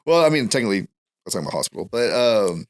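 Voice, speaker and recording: A young man chats easily as a podcast guest, his low voice moving at a quick clip. He is laid back and rambling, restarting and repeating words as his stories unfold. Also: very animated. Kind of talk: casual podcast chat.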